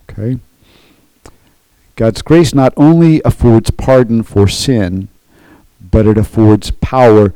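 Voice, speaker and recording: A man's voice: medium pitch, warm tone, no room sound, rough recording. A man preaching a sermon as pastor, earnest, often checking in with the congregation by asking "okay?".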